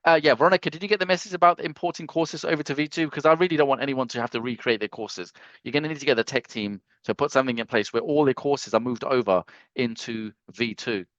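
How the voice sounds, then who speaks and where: A man hosting a live software training webinar over a video call, reading chat comments aloud, teasing and joking between walkthrough steps. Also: medium pitch, quick pace, dry recording. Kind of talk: casual live screen-share tutorial. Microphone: computer mic on a video call. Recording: dry, slightly dull video-call audio.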